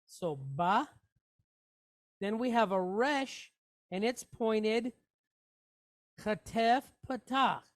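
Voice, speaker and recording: A woman leads a Hebrew reading class at an unhurried, very slow pace. She sounds out every letter and vowel patiently. She repeats each syllable before joining them into a word. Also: on the high side. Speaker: Hebrew teacher. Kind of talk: reading lesson, sounding out words.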